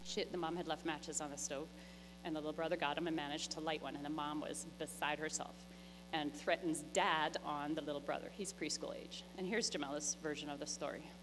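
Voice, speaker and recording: Woman telling stories at church, kinda low voice, big echo and a hum underneath. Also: a little fast. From Canada. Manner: lively, anecdotal, acts out dialogue. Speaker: missionary teacher presenting to a congregation. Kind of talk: storytelling presentation. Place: church hall. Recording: echoey church hall with mains hum.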